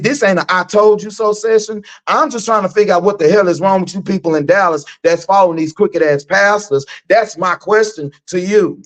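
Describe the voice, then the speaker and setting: Animated, profane Texan man on a live rant. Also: high-pitched. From Texas. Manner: animated, repetitive, preachy and profane. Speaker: host.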